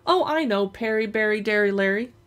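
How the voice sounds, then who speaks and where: A woman's voice: mid-range voice, expressive, brisk, fairly bright tone, smooth, lightly acted. A woman voicing a cheeky little girl who teases her older brother in a singsong way. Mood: teasing. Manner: singsong, teasing. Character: cheeky little girl, teasing younger sister.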